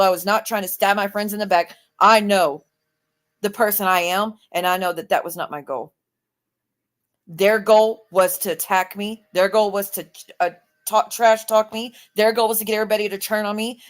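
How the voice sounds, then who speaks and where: A woman hosting a livestream, arguing defensively and swearing as her anger rises. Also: mid-range voice. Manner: defensive, swearing, rising to angry outbursts. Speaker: livestream host. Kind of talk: heated livestream argument.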